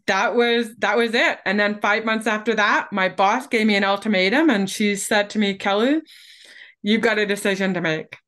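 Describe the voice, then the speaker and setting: Woman in her 40s, public speaker, telling her story on a podcast, candid and lively, laughs easy. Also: medium pitch. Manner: candid, animated storyteller who laughs easily. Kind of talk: storytelling in an interview.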